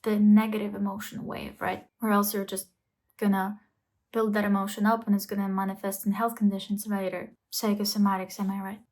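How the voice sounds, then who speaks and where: Earnest woman coaching the viewer. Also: mid-range voice. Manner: earnest, coaching, asks rhetorical questions. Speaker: self-help vlogger. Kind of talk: casual motivational talk to camera.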